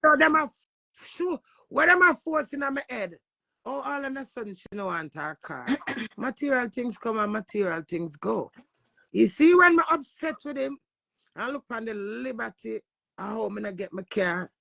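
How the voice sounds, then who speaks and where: Jamaican woman streamer, gravelly, dry close phone sound, brash live rant. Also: fairly high pitch, lively intonation, moderate pace, sharp tone, no echo. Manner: brash, swearing, talks back to viewers.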